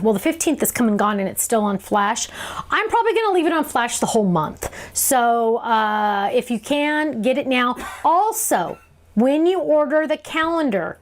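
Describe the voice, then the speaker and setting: A woman's voice: on the high side, expressive, moderate pace. A woman hosting a live craft show, answering viewer questions in a chatty, bubbly way and laughing often. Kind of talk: live stream Q&A chat.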